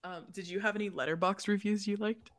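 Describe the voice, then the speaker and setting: A woman's voice: mid-range voice, fairly even intonation, brisk, no room sound, studio quality. A woman co-hosting a film podcast, chatting casually, rambling with fillers and giggling often. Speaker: podcast co-host. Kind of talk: casual chat.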